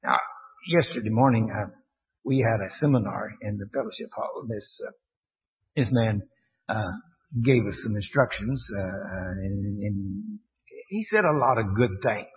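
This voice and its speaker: Male preacher, mid pitch, halting with restarts, questions the congregation; lo-fi phone-like church recording with long reverb. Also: animated. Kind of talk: sermon. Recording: tinny, echoey church recording.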